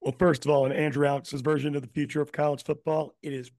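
A man's voice: a little high, level tone, fast talker, a little mellow, dry recording. A man co-hosting a casual sports podcast, laying out his argument step by step. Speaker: podcast co-host.

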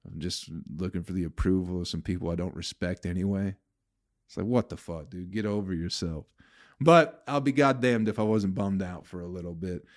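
A man's voice: sits low, brisk, dry recording, clean studio sound. Profane, venting male comedian host. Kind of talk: casual solo podcast rant.

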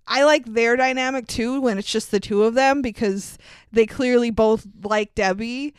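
A woman's voice: fairly high pitch, moderate pace, clean tone, no room sound. A woman co-hosting a movie review podcast, casual and sarcastic, swearing and laughing often. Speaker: podcast co-host.

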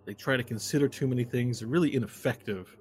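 A man's voice: mid-range voice, quick pace, natural voice. Brief: man voicing a sly devilish immortal, chatty, a little drunk, tabletop game. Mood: boastful. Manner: chatty, rambling, tipsy. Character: boastful immortal male devilish barfly.

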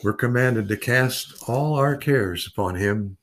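This earnest man in his eighties talks through an informal Bible study at a measured pace and medium pitch. His delivery rambles with restarts and repeated words, and he lengthens key words of Scripture for emphasis.

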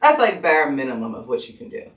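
A woman telling her birth story in casual chat, an animated storyteller who acts out quotes and laughs often. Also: deep voice, fast. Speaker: podcast guest. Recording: echoey room, mic at a distance.

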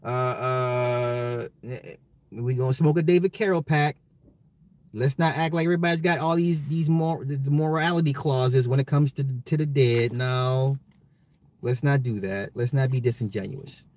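A man's voice: medium pitch, steady tone, measured pace, darkish tone, no room sound. A man, a father, hosting his own commentary podcast, talking straight to listeners in an emphatic way and often repeating himself. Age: adult, a father. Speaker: podcast host. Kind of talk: solo social commentary podcast.

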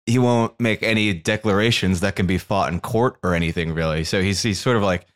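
A man's voice: low voice, brisk. A man co-hosting a casual podcast as the crypto expert, ranting with many stammered restarts.

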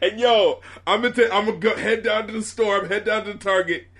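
A man co-hosting a music podcast as a critic, excitable and swearing freely, laughing often. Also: high voice, quick pace. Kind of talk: casual chat.

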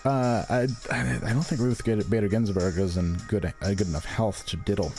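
A man's voice: lowish voice, fairly even intonation, normal speed, darkish tone, faint music behind. A man co-hosting a casual comedy podcast, laughing and swearing as he reads reviews aloud. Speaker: podcast co-host.

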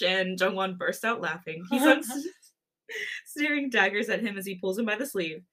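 A woman's voice: mid-range voice, animated, normal speed, a bit bright. Podcast host reading fan fiction aloud, woman, laughs a lot, casual. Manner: laughs often while reading.

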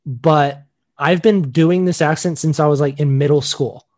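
A man's voice: on the high side, a little slow. An American man co-hosting a podcast, chatting casually and joking with laughter. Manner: laughing, jokey, animated. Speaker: podcast co-host. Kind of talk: casual chat.

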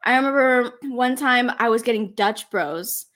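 A woman's voice: fairly high pitch, normal speed, fairly bright tone. A young woman in her twenties, a guest on an interview show, chatting in a bubbly way and laughing often as she retells stories. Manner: bubbly, laughs often, acts out quoted people. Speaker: guest, social media creator. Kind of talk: casual interview chat.

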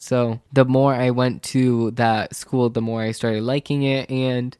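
A man's voice: medium pitch, level tone, a little slow, hardly any pauses, a little mellow, clean tone, no room sound, studio quality. A teenage boy casually telling a rambling school story, acting out what everyone said with "I was like.". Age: teens. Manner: rambling, quotes people with "I was like"; self-described sensitive. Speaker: vlogger.

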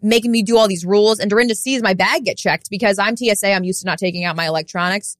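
A woman's voice: medium pitch, fast, dry recording, studio quality. A woman co-hosting a podcast, telling a story in casual chat and acting out quoted voices. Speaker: podcast co-host.

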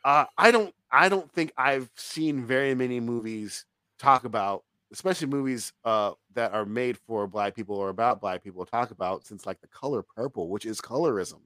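A man co-hosting a casual film review podcast, talking in an animated, profane way and laughing often. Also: mid-range voice, normal speed, dry recording.

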